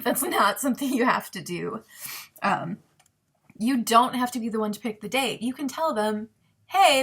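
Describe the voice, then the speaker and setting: A woman's voice: medium pitch, fairly bright tone. A young woman vlogging personal advice in a candid, emotional way, often laughing and saying "um" between thoughts. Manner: candid and emotional, laughing through tears, frequent ums.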